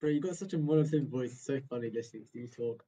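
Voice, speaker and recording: A man's voice: medium pitch, rapid-fire, mellow. A man in casual voice-chat banter, blunt and mocking. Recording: muffled lo-fi voice chat.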